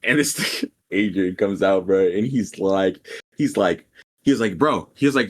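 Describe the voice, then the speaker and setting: Young man, lowish voice, rambling, profane, animated quoting, casual podcast storytelling. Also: moderate pace. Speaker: podcast co-host.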